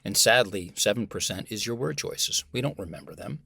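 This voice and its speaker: Husky, gravelly American man. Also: lowish voice, fairly quick, dry recording. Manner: animated and emphatic, acts out example voices. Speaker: communication professor, interview guest. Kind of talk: conversational interview.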